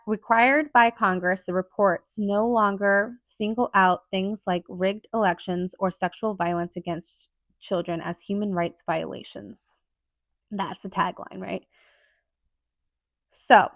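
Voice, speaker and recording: A woman's voice: lowish voice, no echo. Earnest woman podcaster, dry close sound. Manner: earnest and emphatic, rambling with fillers. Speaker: podcast host. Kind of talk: solo podcast monologue.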